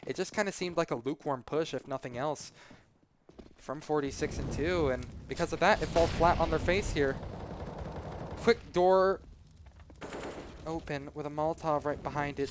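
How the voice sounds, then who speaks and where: Male esports caster, slightly high-pitched, live play-by-play, analytical and chatty, faint background noise. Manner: conversational, analytical, with casual asides. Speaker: esports commentator.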